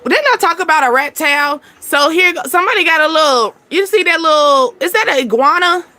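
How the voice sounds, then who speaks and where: A woman giving a relaxed, talkative tarot reading. Her voice sits high and sounds bright. She rambles in an animated way and laughs easily. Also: a little fast. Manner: chatty, laughing, animated storytelling. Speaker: tarot reader. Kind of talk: casual tarot reading monologue.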